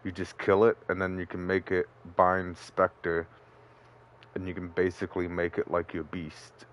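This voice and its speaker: A man's voice: low voice, monotone, unhurried. A man streaming a game, chatting casually and loosely explaining his play with a lot of fillers. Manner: laid-back, rambling, with fillers. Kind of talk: casual gameplay commentary.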